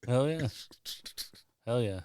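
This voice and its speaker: A man's voice: medium pitch, expressive, slow, warm tone, slight background noise. A man co-hosting a casual podcast, enthusiastic and cursing, often cheering his co-hosts on. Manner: enthusiastic, says "hell yeah" a lot. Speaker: podcast co-host.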